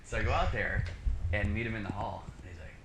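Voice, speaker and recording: Animated man telling a story. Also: fairly low pitch, quick pace. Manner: animated, acts out dialogue, many fillers. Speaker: podcast guest, musician. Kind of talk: casual storytelling. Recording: echoey room with background noise.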